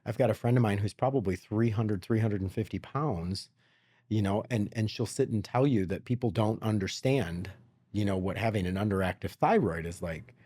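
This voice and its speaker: A podcast host with a somewhat low, husky voice tells stories in easy conversation. He acts out both sides of the exchanges as he goes. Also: normal speed. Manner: animated storyteller, acts out dialogue. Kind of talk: casual chat.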